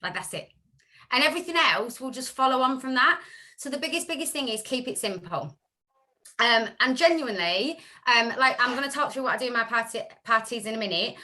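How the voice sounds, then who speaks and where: Chatty bright-voiced woman giving tips. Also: on the high side, fairly quick. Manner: chatty, self-interrupting, animated storytelling. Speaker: direct sales consultant sharing tips. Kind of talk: casual talk on a group video call. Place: home room.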